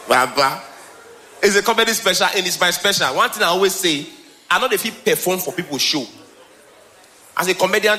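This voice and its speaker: A man with a Nigerian accent performing a stand-up comedy special on stage, animated, slipping between Pidgin and English and laughing often. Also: high-pitched, moderate pace, long pauses. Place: stage before live audience.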